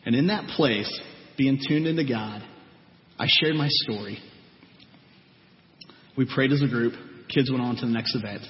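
A man's voice: medium pitch, moderate pace, pauses often. A man speaking to a gathering, earnestly recounting stories about teens and voicing their words. His voice echoes around a large hall, and the sound is dull and lo-fi. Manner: earnest storytelling, acts out quoted people. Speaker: youth ministry leader. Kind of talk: testimony talk to a gathering.

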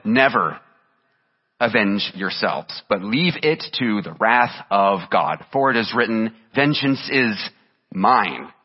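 A man's voice: fairly low pitch, breathy edge, big-room sound, highs cut off. A man preaching a sermon as pastor, reading scripture aloud with earnest emphasis.

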